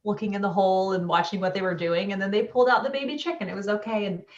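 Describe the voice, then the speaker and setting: A woman's voice: medium pitch, quick pace, echoey room, far from the mic, lo-fi sound, slight background noise. A woman co-hosting a casual book chat over a video call, telling stories in a chatty way with lots of "like"s. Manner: chatty storyteller, many "like"s. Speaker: book club co-host.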